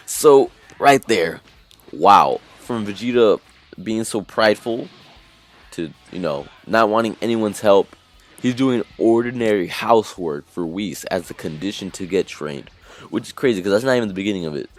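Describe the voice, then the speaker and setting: A man reviews an anime episode in a casual, meandering recap. He talks in a slightly low voice and stumbles through plenty of "uh"s and self-corrections. Soft music plays faintly behind him. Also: unhurried. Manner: rambling, lots of fillers and restarts.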